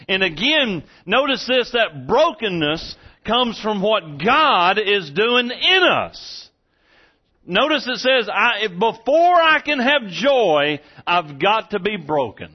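A man's voice: high voice, sing-song, takes it slowly. A man preaching a sermon in a church, earnest and repetitive, often restarting his sentences. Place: church room with congregation. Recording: dull lo-fi sermon recording.

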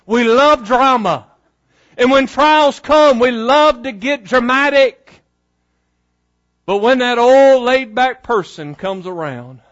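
A man preaching a sermon, moving between hushed, prayerful passages and loud, impassioned exclamations. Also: very high-pitched, lively intonation, measured pace, highs cut off. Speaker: pastor.

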